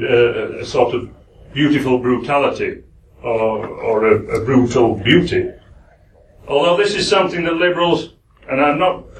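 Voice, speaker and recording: A man with a Yorkshire accent gives a speech at a forum. He stumbles through with many "uh"s and self-deprecating asides. His voice is mid-pitched and distant, picked up from across a reverberant hall with faint noise behind. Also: a bit bright. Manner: halting, full of "uh"s, self-deprecating. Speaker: guest speaker at a forum. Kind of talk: lecture-style speech. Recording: echoey hall, speaker far from the mic.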